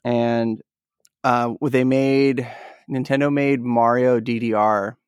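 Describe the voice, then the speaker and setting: A man's voice: medium pitch, level tone, takes it slowly, smooth, no echo, studio quality. Rambling young man telling stories. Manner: rambling storyteller, laughs often. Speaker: podcast co-host. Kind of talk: casual chat.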